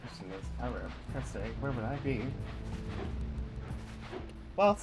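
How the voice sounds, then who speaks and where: A man's voice: medium pitch, big pitch swings, normal speed. A man streaming a video game, chatting casually with a friend, joking and cursing. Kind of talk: casual gameplay chat. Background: game music.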